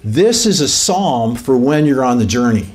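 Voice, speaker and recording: A man's voice: medium pitch, sing-song, normal speed, darkish tone. A man preaching an informal teaching sermon, conversational, often rising to emphatic peaks and asking the room questions. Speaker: pastor.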